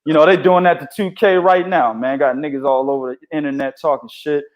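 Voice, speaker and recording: Dull audio captures a fairly high-pitched man talking fairly quickly as co-host of a casual boxing podcast. He's animated and profane, telling stories loaded with slang.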